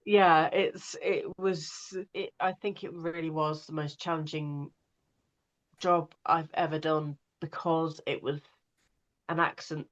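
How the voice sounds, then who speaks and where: A woman's voice: low-pitched, little pitch movement, takes it slowly, dull audio. A woman, an audiobook narrator, chatting in an interview and talking with many fillers and restarts. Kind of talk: casual interview chat.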